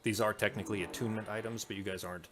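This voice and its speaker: A man's voice: lowish voice, steady tone, very fast. A man narrating a tabletop game as game master, rambling and restarting often, with music behind.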